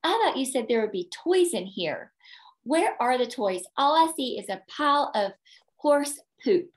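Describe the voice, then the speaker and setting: A woman's voice: sits high, very animated, a little slow, voice pushed up. A woman putting on a whiny little boy. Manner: whining, complaining. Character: whiny complaining four-year-old boy.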